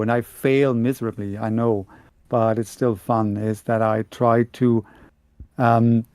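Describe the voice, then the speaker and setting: Bavarian German man, mid pitch, dry close mic, stop-start casual talk, lots of restarts. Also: darkish tone, dry recording. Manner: halting, many restarts and repeated words. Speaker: podcast co-host and audiobook narrator. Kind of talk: casual chat.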